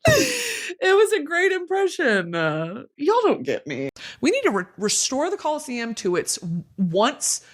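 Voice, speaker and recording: A woman's voice: sits high, wildly swooping pitch, unhurried. A young woman hosting a comedy podcast, dramatic and swinging between mock outrage and giggles. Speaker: podcast host. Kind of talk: comedic chat.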